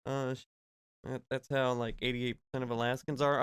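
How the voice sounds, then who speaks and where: Sarcastic male streamer, smooth dry voice. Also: mid-range voice, little pitch movement, brisk, dry recording. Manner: sarcastic, laughing, profane. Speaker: streamer reacting to a clip. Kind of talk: casual reaction commentary.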